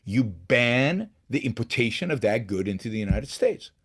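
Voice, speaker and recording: A man's voice: mid-range voice, very animated, normal speed, a bit bright, breathy edge. A middle-aged man hosting a solo political commentary show, talking emphatically with frequent restarts and repeated words. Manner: emphatic, with many restarts and repetitions. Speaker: show host.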